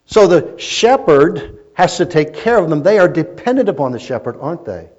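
A man preaching a sermon as a pastor, telling stories and swinging between loud emphasis and quiet asides. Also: a little high, big pitch swings, normal speed. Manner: storytelling preacher, rising and falling in intensity. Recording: muffled lo-fi recording.

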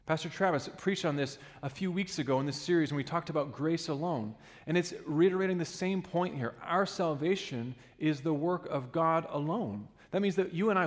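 A man's voice: a little high, in a large hall. A man preaching a sermon in a church, earnest and emphatic, sometimes restarting a phrase.

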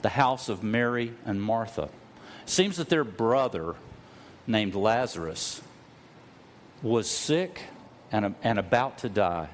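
A middle-aged man delivers a sermon in a storytelling way, and his voice moves through a wide pitch range. He drops low and slow on the words he wants to stress, then climbs to loud cries. A faint room hum sits under his voice. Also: expressive. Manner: storytelling preacher, slows for emphasis, rises to loud cries. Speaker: pastor.

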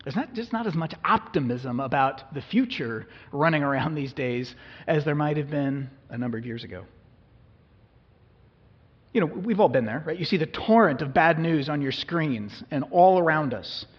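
A male pastor preaches in a relaxed, conversational way, often turning to his listeners with questions. His voice sits a little high and sounds husky. The sermon rings in a reverberant hall on a dull, lo-fi recording. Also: moderate pace. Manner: conversational, asks the congregation questions.

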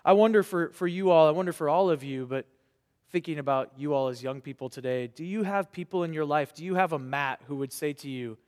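A man preaching a sermon to young people, earnest and rhetorical, with dramatic pauses. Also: a little high, darkish tone. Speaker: pastor. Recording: reverberant hall.

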